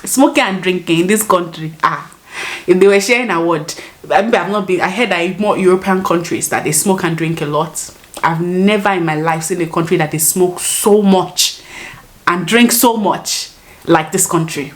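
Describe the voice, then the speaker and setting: A young Nigerian woman with a Nigerian accent, chatting casually to camera and laughing often as she rephrases mid-sentence. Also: fairly low pitch. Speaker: vlogger.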